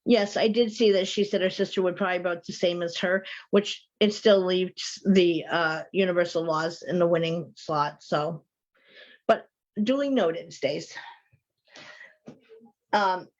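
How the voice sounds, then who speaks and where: A woman's voice: fairly low pitch, unhurried, lo-fi sound. A woman hosting a live call-in show, chatting with viewers, reading their comments aloud and telling stories. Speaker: host.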